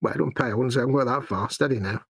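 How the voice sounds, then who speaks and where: A man's voice: medium pitch, very fast, vocal fry. A British man co-hosting a live painting stream, bantering with jokes, teasing and cheeky asides. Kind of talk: casual banter while painting.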